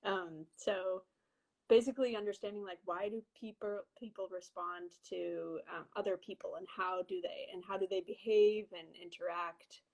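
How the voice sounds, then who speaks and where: A woman's voice: medium pitch, fairly even intonation, moderate pace, a little mellow, low-quality recording. Hesitant young woman on a video call. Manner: friendly, hesitant, many ums and restarts. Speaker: guest. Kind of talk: casual video-call chat.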